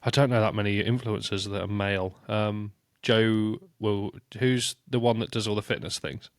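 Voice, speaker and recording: A man's voice: lowish voice, fairly even intonation, normal speed, clean tone, dry recording, studio quality. A man co-hosting a casual history podcast, joking, laughing a lot and throwing in silly quips. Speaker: podcast co-host.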